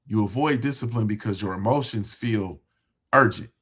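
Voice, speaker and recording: A man's voice: fairly low pitch, moderate pace, a bit bright, slightly rough. A man hosting a motivational talk for his viewers, speaking in a conversational, emphatic way, repeating phrases for emphasis. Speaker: host.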